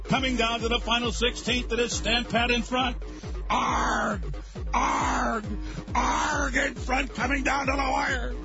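A man's voice: very high-pitched, flat delivery, takes it slowly, full character voice. A man doing a mock horse-race call full of pirate growls, in a dull lo-fi radio clip over music. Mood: excited. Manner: drawling, gravelly, shouting pirate "arg"s.

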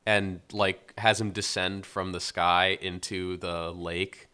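A young man co-hosting a podcast, casually recapping a film plot in a relaxed, filler-heavy way. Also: low voice, slow, clear, resonant tone. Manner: relaxed storytelling, many fillers. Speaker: podcast co-host. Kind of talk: casual film review chat.

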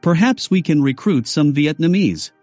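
A man's voice: on the high side, animated, moderate pace, a little mellow, no echo, faint music behind. A man narrating a first-person novel in a wry, sardonic way. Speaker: audiobook narrator.

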